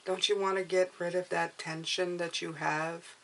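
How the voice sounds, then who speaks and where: Earnest low-voiced tarot reader woman. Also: level tone, normal speed, fairly bright tone, slight background noise. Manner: earnest, repeats "okay?" and "you guys"; emotional, coaxing. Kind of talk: spiritual tarot reading to camera.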